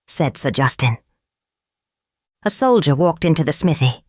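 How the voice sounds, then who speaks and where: A woman narrating a storybook in a slow, measured reading. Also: very deep voice, dry recording, studio quality.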